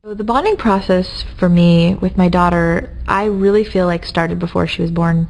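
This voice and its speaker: A mother gently describing feeling bonded to her daughter before birth. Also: lowish voice, moderate pace, vocal fry, poor audio. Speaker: interviewee, mother.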